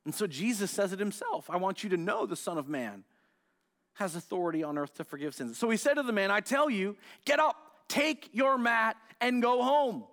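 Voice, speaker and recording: A male pastor from the United States preaching a sermon, telling the story with animated, acted-out outbursts. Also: high voice, normal speed. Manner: animated storytelling, acts out scenes, loud excited outbursts.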